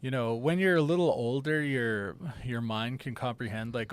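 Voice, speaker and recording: A man co-hosting a casual podcast, telling his own eerie experiences in a relaxed, rambling way with casual swearing. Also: mid-range voice, moderate pace, few pauses. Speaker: podcast co-host. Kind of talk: casual storytelling chat.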